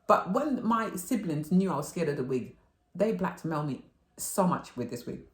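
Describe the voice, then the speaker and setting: A middle-aged woman telling rambling, animated stories in a chatty haul video, swearing and laughing freely. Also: lowish voice, normal speed, background noise. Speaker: vlogger. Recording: roomy echo.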